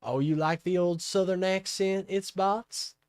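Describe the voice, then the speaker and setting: A man's voice: high-pitched, measured pace, clean tone, no echo, studio quality. Rambling young man chatting with his stream. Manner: rambling, talks to chat, many fillers. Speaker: livestream host. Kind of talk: casual political livestream chat.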